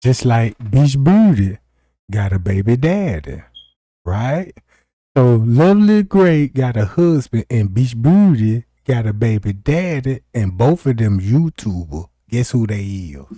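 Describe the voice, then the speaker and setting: A man hosting a livestream, talking straight to his viewers in a mocking, animated way. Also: medium pitch, unhurried, no room sound, studio quality. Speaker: stream host. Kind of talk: livestream commentary.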